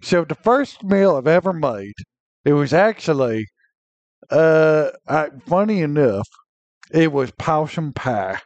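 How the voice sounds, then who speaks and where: A man hosting a comedy podcast, answering in a deadpan way with naive questions. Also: on the high side, takes it slowly, dry recording, muffled recording. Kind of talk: casual podcast banter.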